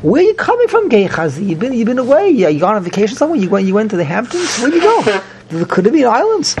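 A man's voice: high-pitched, steady tone, moderate pace, a little mellow, a little hiss or hum, close to an everyday voice. A man voicing a stern old male prophet who scolds and mocks his student with incredulous, rising questions. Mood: mocking.

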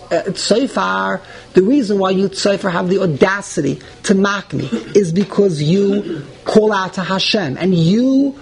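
High-voiced man teaching a text class. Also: vocal fry, slight background noise, low-quality recording. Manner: translates phrase by phrase, animated and indignant at points. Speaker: Torah teacher.

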